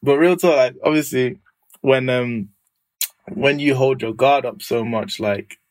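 A young man talks in relaxed podcast chat, loose and slang-heavy, often breaking into laughter. His voice sits at an ordinary middle pitch. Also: a little slow. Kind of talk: casual chat.

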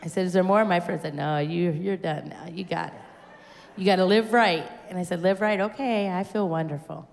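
A woman's voice: lowish voice, moderate pace, vocal fry. A woman giving a church testimony, telling her story with acted-out dialogue and rising to fervent exclamations. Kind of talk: personal testimony at a church service. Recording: echoey church hall with long reverb.

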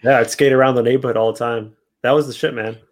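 Young man, podcast host, casual joking chat, slangy, mid-pitched voice. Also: fairly even intonation, fast talker, a little hiss or hum.

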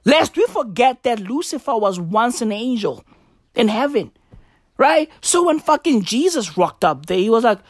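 Woman comic, profane rambling monologue with shouted bursts, dry close sound. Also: on the high side, animated, normal speed, dry recording. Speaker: comedian.

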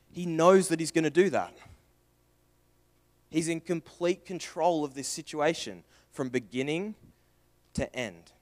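With a fairly high-pitched voice, a young preacher delivers an earnest, questioning sermon, shifting between raised emphasis and quiet, hushed stretches.

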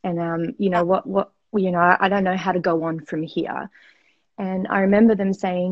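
A woman's voice: mid-range voice, fairly even intonation, normal speed. A woman guest in a faith interview, speaking reflectively and measuredly. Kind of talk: interview conversation. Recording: dull lo-fi audio.

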